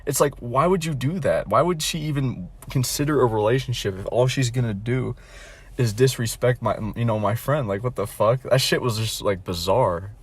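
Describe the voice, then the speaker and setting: Speaking at a moderate pace in a husky, medium-pitched voice with no echo, a young man vlogs a casual storytime rant. His bluntly mocking telling meanders, packed with fillers, false starts, and cursing.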